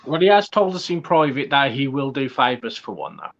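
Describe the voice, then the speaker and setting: A man's voice: mid-range voice, expressive, fairly quick, fairly bright tone. A man chatting on a livestream video call, laid-back and mumbling, trailing off at the ends of phrases. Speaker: panelist. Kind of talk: casual livestream chat. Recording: lo-fi call with crowd noise behind.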